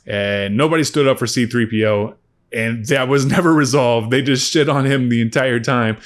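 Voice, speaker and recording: A man's voice: mid-range voice, moderate pace. Casual, profane man rambling through a review. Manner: rambling, profane, animated asides. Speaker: movie reviewer.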